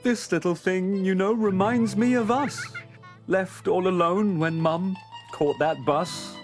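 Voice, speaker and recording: A man's voice: high voice, fairly even intonation, takes it slowly, faint music behind, voice pushed up. A man voicing an angry male hedgehog who has turned into a snarling monster. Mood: tearful. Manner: snarling, shouting insults.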